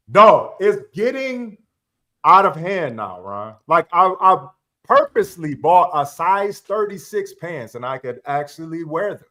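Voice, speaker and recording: A man's voice: on the high side, takes it slowly. A man on a podcast, telling casual, slangy stories and acting out the voices in them. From Chicago area. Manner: animated, slangy, acts out voices in his stories. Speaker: podcast guest. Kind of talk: casual storytelling chat.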